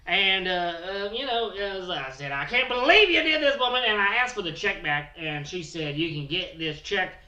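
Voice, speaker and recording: Brash high bright redneck braggart, put on by a comic host, echoey room. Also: male voice, normal speed, hardly any pauses, recorded from a distance, highs cut off. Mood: boastful. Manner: boastful, rambling, crude. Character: crude rambling redneck man living in a truck.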